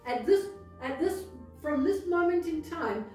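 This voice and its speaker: A woman joins the sermon discussion as co-host, explaining steadily. Her voice is high and mellow. She sounds distant from the mic in a very echoey room. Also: animated, unhurried. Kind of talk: casual discussion. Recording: very echoey, off-mic, faint music.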